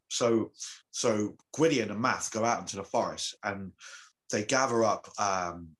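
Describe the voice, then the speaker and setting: A man, a shamanic teacher, retelling an old myth as a guest in an animated, halting way. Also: fairly low pitch, rough recording. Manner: animated storyteller, halting with restarts. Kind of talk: telling a myth in conversation.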